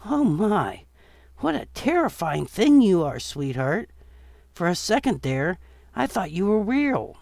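A man's voice: high-pitched, very animated, takes it slowly, creaky, a little mellow, dry recording, studio quality, pitched above the performer's own voice, heavily acted. A man doing a sweet doting old lady. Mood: delighted, doting. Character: elderly woman handing out candy, warm and amused.

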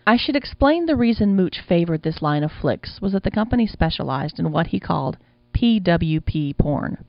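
Gravelly male audiobook narrator. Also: on the high side, sing-song, normal speed, no room sound. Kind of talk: first-person audiobook reading. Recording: dull lo-fi sound.

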